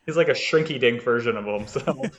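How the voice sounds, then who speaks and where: A man's voice: mid-range voice, brisk, reverberant. A man co-hosting a podcast, rambling casually with lots of fillers and frequent laughs. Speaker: podcast co-host. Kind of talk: casual chat. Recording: slightly dull lo-fi sound.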